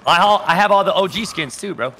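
A man's voice: high voice, lively intonation, fast, pushed and bright, a little hiss or hum. A young man gaming over voice chat, teasing his friends and swearing freely. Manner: swears a lot, teasing and rowdy. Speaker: streamer.

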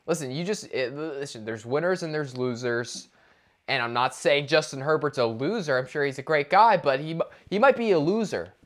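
Ranting higher-voiced man. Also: normal speed. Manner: animated ranting, many restarts and fillers. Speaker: podcast co-host. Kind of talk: casual sports talk.

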